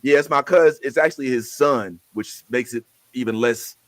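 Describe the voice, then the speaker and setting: A man's voice: medium pitch, moderate pace, no room sound. A middle-aged man hosting a casual chat, easygoing and slangy, with boastful banter.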